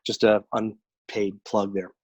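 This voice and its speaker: A man from New York City with a New York accent, a guest in a casual video interview, friendly and self-deprecating with quick asides. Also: lowish voice, flat delivery, slightly rough, dry recording.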